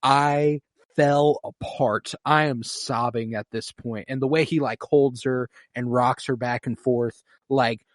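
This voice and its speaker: This podcast co-host recaps a TV episode in casual conversation, swearing heavily and emotionally acting out scenes in an animated way. His voice sits at medium pitch, measured and with few pauses, captured in studio quality with no room sound.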